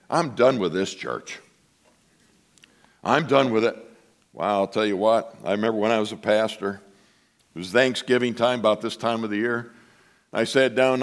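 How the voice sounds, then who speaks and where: A man preaching a sermon as pastor, telling stories animatedly and acting out voices. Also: medium pitch. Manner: animated storytelling, acts out voices.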